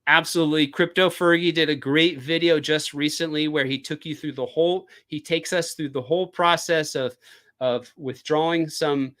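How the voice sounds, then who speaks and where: A man's voice: on the high side, steady tone, moderate pace, fairly bright tone. A man hosting a casual live stream, chatty and rambling, with frequent fillers, talking into a desk microphone. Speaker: crypto live stream host.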